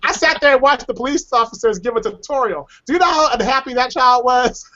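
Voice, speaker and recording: A man's voice: very high-pitched, fairly quick. Guy hosting a web chat show, storytelling, lots of restarts, muffled lo-fi call audio. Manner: animated storyteller who acts out quotes and repeats words. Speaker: show host. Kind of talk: casual chat on a web hangout. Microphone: webcam or computer mic on a video call.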